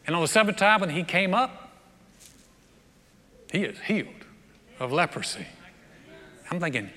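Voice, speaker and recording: A man preaches with a high, bright, forceful voice, acting out a story with playful humor. His voice rings through a large church sanctuary with a long reverb tail. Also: normal speed, pauses often. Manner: animated storytelling, humorous asides. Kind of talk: sermon. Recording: long reverb of a big hall.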